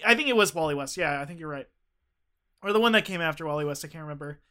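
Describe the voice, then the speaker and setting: Bright, high-pitched podcast guy. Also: animated, racing. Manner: laughs often, rambling banter. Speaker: podcast co-host. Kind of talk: casual chat.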